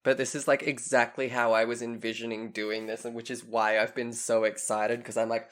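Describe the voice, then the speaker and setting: A man co-hosting a casual podcast, chatting and reading spooky stories aloud, animated and excitable as he reacts. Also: medium pitch, brisk. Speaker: podcast co-host. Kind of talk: casual chat and dramatic story reading.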